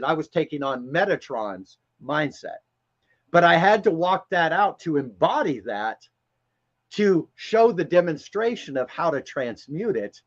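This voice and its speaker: A man's voice: fairly high pitch, lo-fi sound. A man speaking in a casual, emphatic way on a spiritual live stream, rambling and often repeating words as he talks.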